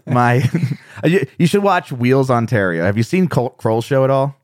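An American man talks casually as a podcast guest, laughing often as he pokes fun at himself. His voice sits at an ordinary middle pitch. It is recorded close and dry, with no room sound. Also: lively intonation, unhurried, dry recording. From United States. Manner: laughs often, self-deprecating storytelling. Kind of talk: casual conversation.

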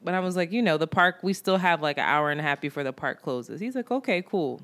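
Woman co-host, casual chatty storyteller, animated, quotes people in voices. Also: fairly low pitch, fast talker. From New York. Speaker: podcast co-host.

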